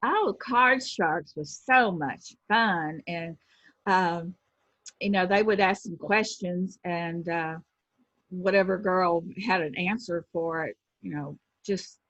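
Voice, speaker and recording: A woman in her sixties, a former pro wrestler, telling lively anecdotes in an interview and acting out the people she quotes. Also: lowish voice, no room sound. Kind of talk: casual storytelling interview. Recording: dull lo-fi sound.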